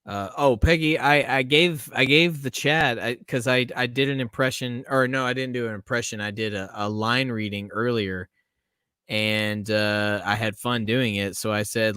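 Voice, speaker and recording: A man's voice: medium pitch, steady tone, normal speed, bright, forceful tone, clear, resonant tone, dry recording, clean studio sound. A man hosting a casual live stream, chatty, laughing often and swearing freely.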